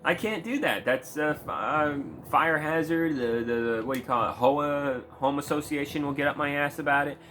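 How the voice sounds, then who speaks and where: A man's voice: fairly high pitch, moderate pace, hardly any pauses, fairly bright tone, a little hiss or hum. A man ranting in a casual commentary video, heated and sarcastic, swearing often. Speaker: video creator.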